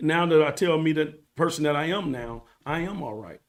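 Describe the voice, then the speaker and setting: A man's voice: fairly high pitch, fairly quick. A man as a podcast guest, telling his story in an earnest, preachy way and repeating phrases for emphasis. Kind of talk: casual storytelling interview.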